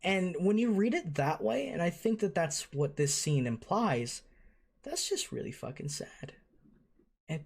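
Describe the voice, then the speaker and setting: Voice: mid-range voice, gravelly, husky. An anime reaction host in casual commentary, gushing and emotional and swearing freely.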